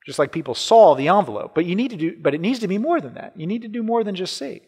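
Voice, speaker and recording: A man's voice: high voice, animated, fast talker, darkish tone, breathy edge, long reverb tail. A man preaching a sermon in a conversational way, often repeating words and checking in with "right?". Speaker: pastor.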